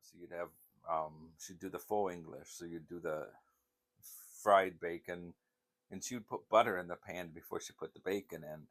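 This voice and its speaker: A man's voice: deep voice, steady tone, moderate pace, a bit bright. An older man vlogging in a casual, rambling chat, wandering from one story to the next.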